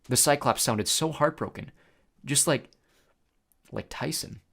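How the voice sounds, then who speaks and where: A man's voice: mid-range voice, unhurried, creaky, a bit bright. A man reading a story aloud, narrating expressively in the first person.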